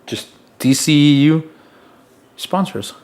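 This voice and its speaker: Young male podcast co-host, casual and excitable, slangy buddy talk. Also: fairly high pitch, slow pace. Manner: excitable, says "dude" constantly. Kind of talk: casual chat.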